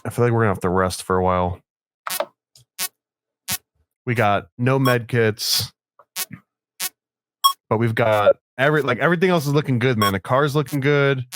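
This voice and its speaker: A man's voice: mid-range voice, moderate pace, long pauses, noisy background. Laid-back man joking through gameplay. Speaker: guest player in a gaming video. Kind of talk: casual gameplay chat.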